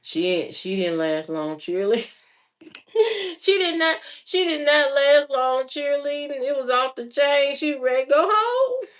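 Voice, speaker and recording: A woman's voice: sits high, a little slow. Chatty woman spinning a story. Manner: lively storyteller who repeats phrases for emphasis; colloquial, chatty delivery. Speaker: streamer telling stories to viewers. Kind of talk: casual anecdote telling.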